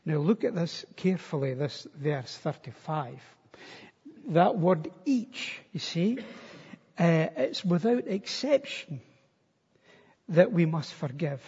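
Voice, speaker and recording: Husky older man preaching a sermon. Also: high-pitched, a little mellow. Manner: earnest, measured, with frequent restarts and hesitations. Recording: dull long reverb of a church hall.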